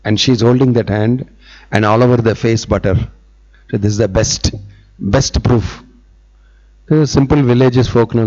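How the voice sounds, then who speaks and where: A man's voice: medium pitch, fairly even intonation, unhurried, pauses often, a little mellow, dull audio. A man giving a devotional sermon, telling a story with repetition and quoted dialogue. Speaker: visiting monk giving a discourse.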